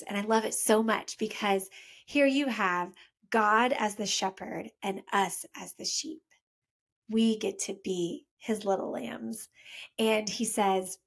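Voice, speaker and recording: A young woman with a fairly high voice talks through a Sunday lesson for children and families. She keeps it chatty and friendly, often asking the listener questions. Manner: warm, conversational, asks listeners questions. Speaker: children's faith storyteller. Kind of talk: casual Sunday talk for families.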